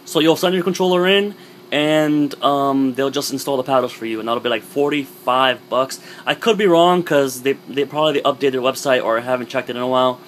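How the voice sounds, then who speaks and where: Young male gaming vlogger, voice going hoarse, loose rambling delivery, mid-pitched, faint hum behind. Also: fairly quick. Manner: rambling, filler-heavy, relaxed. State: losing his voice. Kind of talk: casual product review.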